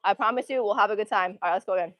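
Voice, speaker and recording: A woman's voice: medium pitch, very fast, fairly bright tone, no echo. A young woman live-streaming her gym workout, a little out of breath, chatting casually and counting reps and form cues between sets. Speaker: fitness streamer.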